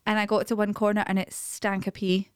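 A woman's voice: mid-range voice, level tone, brisk, clean tone. A Scottish woman co-hosting a podcast, chatting away and telling dramatic everyday anecdotes. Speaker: podcast co-host. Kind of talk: casual chat.

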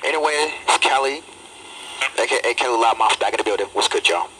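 Man, 30s, chatline host, mid-pitched, rambling and stumbling, noisy phone audio. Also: lively intonation, fast talker. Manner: loose, rambling, repeats himself with stumbles. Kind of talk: casual phone chatline banter. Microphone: telephone.

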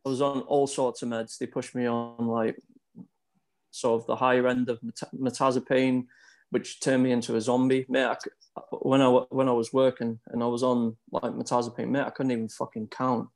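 A man's voice: medium pitch, level tone, moderate pace, darkish tone. A middle-aged British man talking as a guest in a casual podcast chat, laid-back and hesitant with many fillers. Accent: British English.

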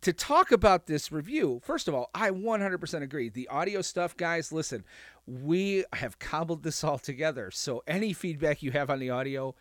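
A man's voice: fairly high pitch, expressive, normal speed, fairly bright tone, no echo, clean studio sound. A man co-hosting a podcast, joking in a playfully brash way about being the show's heel. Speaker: podcast co-host. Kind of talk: casual podcast chat.

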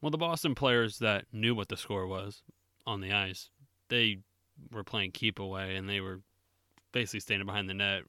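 A man's voice: fairly low pitch, moderate pace, bright, forceful tone, smooth, dry recording, clean studio sound. A man co-hosting a casual sports podcast, adding wry, chuckling asides. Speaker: co-host.

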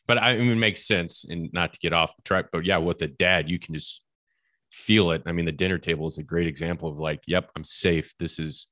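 Low-voiced male host, affirming. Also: bright, forceful tone, dry recording, studio quality. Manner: encouraging, affirming, chatty. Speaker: podcast host. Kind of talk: casual interview talk.

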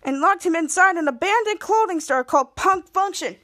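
A woman's voice: very high voice, lively intonation, a little fast, bright, forceful tone. A young woman casually recapping a TV episode, acting out the characters' lines with gasps and shifting voices. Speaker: podcast host recapping a TV episode.

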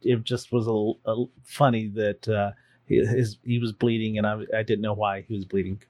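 A man's voice: fairly low pitch, normal speed, no echo. Man, casual storyteller, laughs a lot, acts out voices, dry close sound. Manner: animated, laughs often, acts out voices in his stories. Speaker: participant sharing a story. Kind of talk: casual storytelling among friends.

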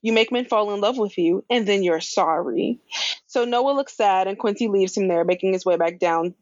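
A woman casually recapping a show scene by scene, telling it with animated asides and slang. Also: mid-range voice, moderate pace, no echo, dull audio. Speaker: podcast co-host recapping a show. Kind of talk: casual chat.

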